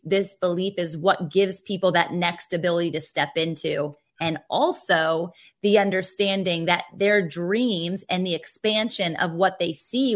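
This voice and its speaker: A woman hosting a podcast, effusive and talking in long, winding questions to her guest. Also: medium pitch. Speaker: podcast host. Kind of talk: casual interview chat.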